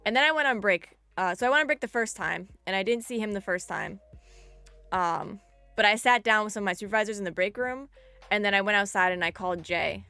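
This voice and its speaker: A young woman streaming live, telling a story in an animated, chatty way with lots of "like". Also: mid-range voice, a little fast, smooth, dry recording, soft background music.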